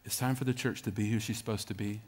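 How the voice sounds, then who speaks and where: A man's voice: on the low side, steady tone, fast, a little mellow. A middle-aged man, preaching a sermon, emphatic and repetitive, calling out to his congregation. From Southern United States. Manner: emphatic, repeats phrases, calls out to congregation. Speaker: pastor.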